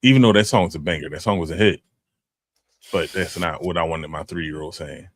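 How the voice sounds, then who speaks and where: A man's voice: low voice, a little fast, dry recording. A middle-aged man co-hosting a podcast, talking in a laid-back, rambling way with lots of restarts. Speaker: podcast co-host. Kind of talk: casual chat.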